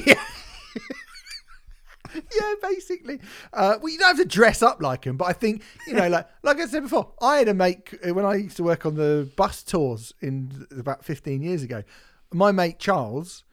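A man's voice: sits high, big pitch swings, moderate pace, a bit bright. A man, co-hosting a podcast in casual chat, rambling and laughing often. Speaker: podcast co-host.

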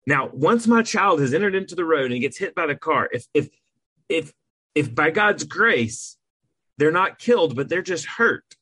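Earnest husky-voiced man on a podcast. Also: on the high side, animated, moderate pace, sharp tone, no room sound. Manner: earnest, emphatic, with repeated restarts. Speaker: podcast co-host; adoptive parent. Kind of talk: earnest conversational podcast talk.

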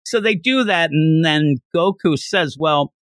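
A man hosting a podcast, recapping a manga chapter in a jokey, animated way. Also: fairly high pitch, unhurried, no echo, clean studio sound. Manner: animated, jokey, laughs while retelling. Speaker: podcast host.

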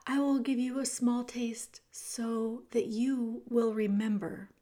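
A woman voicing a tender queen mother who speaks in a soft, coaxing way. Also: fairly high pitch, flat delivery, takes it slowly.

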